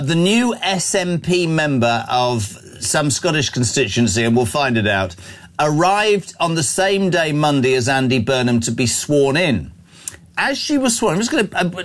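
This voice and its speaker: A man hosting live talk radio, chatty and excitable. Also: on the high side. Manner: chatty, excitable, laughs easily. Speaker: radio host.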